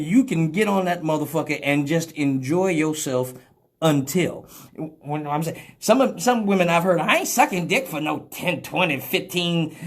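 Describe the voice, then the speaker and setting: A woman's voice: fairly low pitch, slightly rough. A woman hosting a live radio talk show, blunt and profane, rambling, laughing often and slipping into mock voices as she talks.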